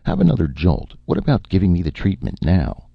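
Man doing a bossy scheming young guy, quick and commanding, deep husky voice. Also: very animated, dry recording, muffled recording, full character voice. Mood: brisk. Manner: brisk and commanding. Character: brisk, scheming young man, later brutish.

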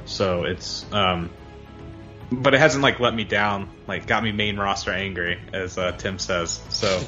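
A man's voice: sits low, measured pace, sharp tone. A man co-hosting a casual podcast, rambling and hedging as he gives his opinions. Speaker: podcast co-host. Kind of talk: casual chat. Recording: slightly dull lo-fi audio, faint music.

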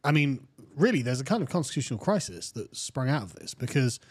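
A British man who is a guest on a political talk show, speaking in a relaxed, conversational way and quoting texts at length. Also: mid-range voice, fairly quick, breathy edge. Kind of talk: casual political chat.

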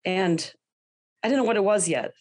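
A woman's voice: medium pitch, normal speed, a little mellow. A woman guest speaking candidly in a podcast interview, often quoting her own past thoughts. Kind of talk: personal interview.

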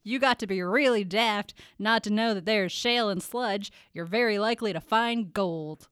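A woman voicing a grumpy old male prospector with a put-on rural drawl, gruff and scolding. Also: medium pitch, moderate pace, a bit bright, no echo, studio quality, lightly acted. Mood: scornful.

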